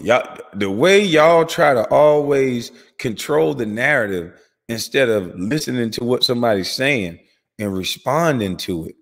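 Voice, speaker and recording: A man's voice: animated, a bit bright, long reverb tail. A man delivering an angry, profane commentary rant as host of his channel. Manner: heated, profane, rapid swings in pitch and volume.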